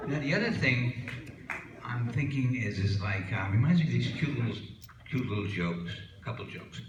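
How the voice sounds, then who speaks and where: A man's voice: mid-range voice, expressive, moderate pace, a crowd in the background, noisy background. An older man doing a stand-up routine, a rambling, folksy joke teller who leans on "you know" fillers. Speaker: stand-up comic. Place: small comedy club stage. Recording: echoey room from far off.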